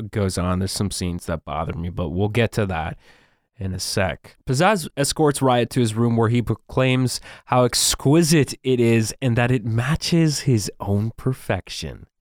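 A man co-hosting a podcast, calmly summarizing a cartoon plot in a measured way. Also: fairly low pitch, dry recording, studio quality. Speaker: podcast co-host. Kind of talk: narrating episode recap.

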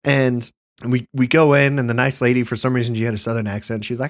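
A man's voice: mid-range voice, little pitch movement, fast talker, dry recording, clean studio sound. A man in casual chat among friends, telling stories with frequent laughter and acted-out quotes. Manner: storytelling, laughs often, acts out quoted voices. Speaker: podcast co-host.

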